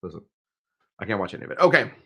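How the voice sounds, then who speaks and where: A man's voice: lowish voice, very animated, very fast, noisy background. A man hosting a live cocktail stream, chatting casually and rambling between topics while reading out viewer comments. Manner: rambling, jokey, reads out chat comments. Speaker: live cocktail show host.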